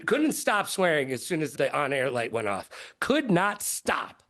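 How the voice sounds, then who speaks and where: A middle-aged man, a broadcaster, telling stories in an interview with lively quoted voices. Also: a little slow. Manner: lively, jumps into high-pitched quoted voices. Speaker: guest broadcaster. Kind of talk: animated storytelling in an interview.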